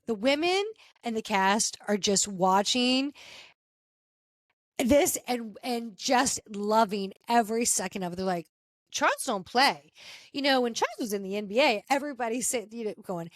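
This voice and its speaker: Animated woman recapping reality TV gossip. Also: on the high side, normal speed, no echo, studio quality. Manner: animated, gossipy, acts out quotes. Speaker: podcast host. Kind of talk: casual pop-culture recap.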